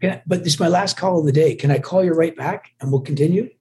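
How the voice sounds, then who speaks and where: A middle-aged man born in Scotland, a musician guest chatting casually and warmly in an interview, rambling and restarting his sentences as he talks. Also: on the high side, quick pace, background noise. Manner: friendly, rambling with many restarts.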